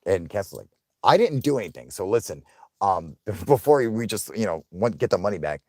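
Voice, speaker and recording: A young man hosting a casual livestream, swearing often, laughing, and loudly thanking viewers for donations. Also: low voice, animated, moderate pace, no room sound, clean studio sound. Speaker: livestream host.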